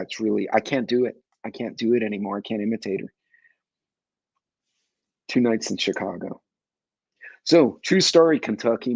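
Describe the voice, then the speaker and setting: A man's voice: fairly low pitch, a little mellow, husky, no echo, dull audio. A man in his forties from New York City, hosting a casual livestream talk show and rambling as he answers viewer chat.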